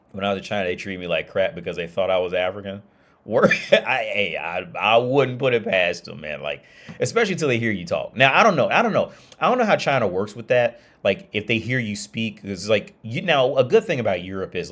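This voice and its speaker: Low-voiced American man rambling. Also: a bit bright. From United States. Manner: profane, laughs often, many restarts. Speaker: livestreamer. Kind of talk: casual rambling monologue.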